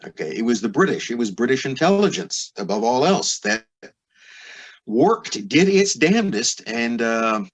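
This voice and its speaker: Husky-voiced man explaining at length. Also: mid-range voice, sing-song, moderate pace. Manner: discursive, lecturing with many asides. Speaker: guest historian. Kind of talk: podcast interview explanation.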